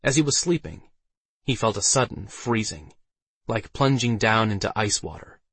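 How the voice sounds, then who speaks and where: A man narrating a fantasy audiobook with steady storytelling delivery. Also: fairly low pitch, moderate pace, husky, no room sound.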